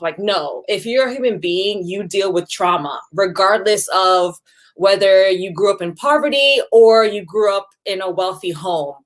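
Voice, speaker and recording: A woman's voice: medium pitch, moderate pace. A woman guest on a video call, talking earnestly and emphatically about her own experience. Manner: earnest and emphatic, acts out quoted voices. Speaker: guest speaker. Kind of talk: earnest personal talk.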